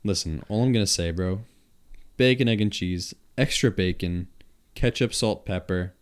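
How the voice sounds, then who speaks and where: A young man with a thick Long Island accent sits in for a casual podcast chat. His voice sits on the low side as he spins animated, swear-filled stories. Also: normal speed, clean tone. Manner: animated, profane storytelling. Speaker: podcast guest.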